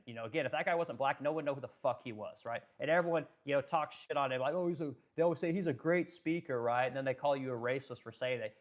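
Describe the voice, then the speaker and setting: A man talks at a quick clip on a live stream, blunt and profane. He rambles and restarts his sentences as he works through chat comments. His pitch sits in an ordinary middle register. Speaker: live streamer and furniture business owner.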